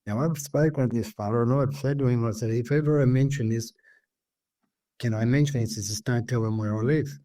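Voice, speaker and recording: An Australian man telling a story in a rambling, lively way, full of asides. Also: medium pitch, dry recording. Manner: rambling, animated, full of asides like "see?" and "mate". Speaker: guest storyteller. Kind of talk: casual storytelling.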